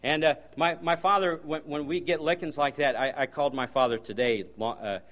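A man preaching as a guest preacher, folksy storytelling with sudden loud bursts. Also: fairly high pitch, steady tone, fairly quick. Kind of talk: sermon.

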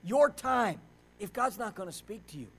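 Man, pastor, high voice, sermon, shifts from loud preaching to hushed storytelling. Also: lively intonation, normal speed, slightly rough, poor audio. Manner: swings between loud preaching and quiet storytelling.

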